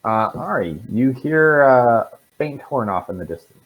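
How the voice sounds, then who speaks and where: A man running a tabletop game as dungeon master, relaxed and hesitant with fillers, over a voice call. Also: mid-range voice, moderate pace, phone-quality sound.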